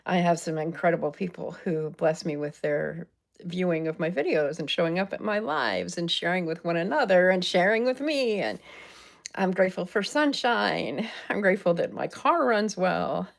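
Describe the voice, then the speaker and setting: A woman's voice: fairly low pitch, lively intonation, normal speed, creaky. Upbeat older woman hosting a live chat. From Southern California. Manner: upbeat, chatty, greets viewers by name. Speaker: livestream host. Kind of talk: live-stream chat with viewers. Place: her purple room at home.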